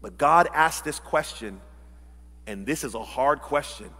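A male pastor preaching a sermon, dramatic, acting out quoted voices and swinging from loud to hushed. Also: mid-range voice, lively intonation, measured pace, in a large hall. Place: church sanctuary.

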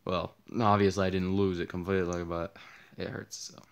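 A man's voice: low-pitched, little pitch movement, moderate pace, creaky. A young man with a tired, partly lost voice, rambling through casual gameplay commentary, easily startled and joking at himself. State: losing his voice, tired. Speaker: gaming channel host. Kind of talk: casual Let's Play commentary.

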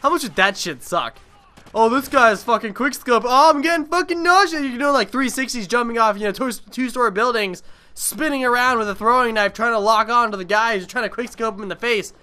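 A man's voice: extremely high pitch, fairly quick, bright, forceful tone, clear, resonant tone. A young man giving casual gameplay commentary on his own video, rambling and swearing freely. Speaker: gaming video creator.

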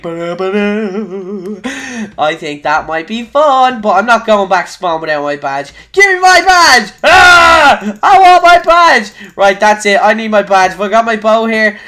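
Young man, Irish accent, gaming commentary, excitable, quick swings from quiet to shouting. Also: high voice. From Ireland. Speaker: gaming YouTuber. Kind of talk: excitable live gameplay commentary.

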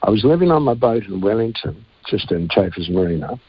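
Kiwi bloke singer, low gravelly voice, yarns on and on, dull lo-fi sound. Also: male voice, lively intonation, brisk, no room sound. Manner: rambling, earthy, laughs while telling stories. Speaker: singer-songwriter guest. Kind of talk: casual radio interview storytelling.

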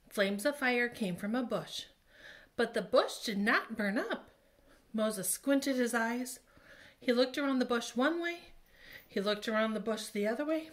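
A woman presenting a children's Bible story and craft, talking in a gentle, calming way. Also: mid-range voice.

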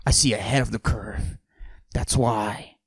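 A man putting on a husky, forced-deep macho braggart. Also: fairly even intonation, a little slow, no room sound. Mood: swaggering. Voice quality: forced deep breathy whisper. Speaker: podcast host. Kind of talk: comedic monologue in character.

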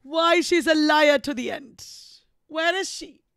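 Brief: woman reading an anguished, vengeful lover with an Indian English accent, slow and heavy, close dry sound. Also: high-pitched, fairly bright tone, dry recording, voice pushed up. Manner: impassioned dramatic reading. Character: tormented grieving man, passionate, vengeful.

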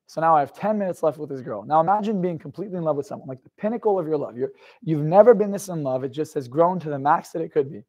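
A man's voice: a little high, animated, quick pace, warm tone. A young man giving a live motivational talk to an audience, telling an intense personal story, swearing freely and putting questions to the crowd. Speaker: motivational speaker.

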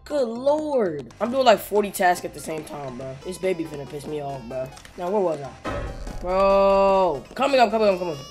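A young woman giving excitable, slangy gameplay commentary, yelling and muttering to herself in bursts. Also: mid-range voice, moderate pace, faint music behind. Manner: yells and laughs in bursts, slangy, mutters to self. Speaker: gaming YouTuber.

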